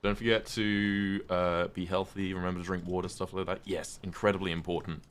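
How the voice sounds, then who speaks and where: A man's voice: low voice, little pitch movement, fairly quick, smooth. A man from the UK, streaming a game and chatting casually with viewers, swearing now and then as he answers their questions. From United Kingdom. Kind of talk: casual live-stream chat while gaming.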